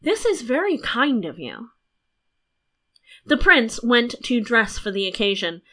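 Bright-voiced woman reading a fairy tale. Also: mid-range voice. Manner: even, storytelling delivery. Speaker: narrator.

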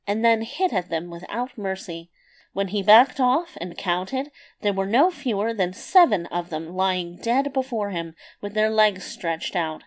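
A woman narrating a fairy tale in a measured, expressive read-aloud manner. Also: medium pitch.

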